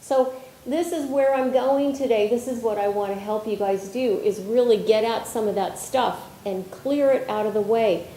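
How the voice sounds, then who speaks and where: Animated woman speaking in an echoey hall. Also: fairly high pitch, moderate pace, slight background noise. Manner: animated and expressive, with frequent restarts and filler phrases. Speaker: workshop leader and spiritual healer. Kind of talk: conversational workshop talk. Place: conference hall. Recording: roomy conference hall echo.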